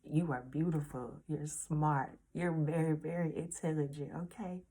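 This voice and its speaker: A woman's voice: low-pitched, steady tone, normal speed, mellow, slightly rough. A 19-year-old woman speaking earnestly and casually to her viewers in a heartfelt storytime vlog, repeating reassurances. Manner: casual slangy speech. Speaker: vlogger.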